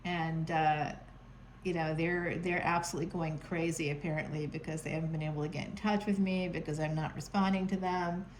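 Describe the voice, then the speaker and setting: A woman's voice: low-pitched, fairly even intonation, fairly quick, a little hiss or hum, low-quality recording. Playful, sarcastic woman reading tarot. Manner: playful, sarcastic, chatty with frequent laughs. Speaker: tarot reader. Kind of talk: casual tarot reading to camera. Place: home.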